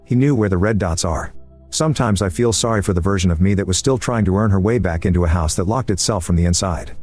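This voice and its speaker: Fast-reading low-voiced male storyteller. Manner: even, measured reading with dry similes. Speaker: story narrator. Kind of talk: scripted first-person story narration. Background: faint background music.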